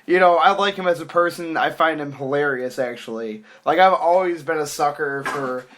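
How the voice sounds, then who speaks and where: A man's voice: on the high side, normal speed, a bit bright. A young man co-hosting a casual podcast, agreeable and easygoing, laughing along. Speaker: podcast co-host.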